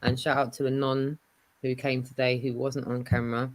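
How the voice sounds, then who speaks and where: A woman hosting a casual livestream chat, giving shout-outs and telling stories with lots of fillers. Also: a bass voice, little pitch movement, moderate pace, low-quality recording. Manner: chatty, warm shout-outs, many fillers. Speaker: livestream host.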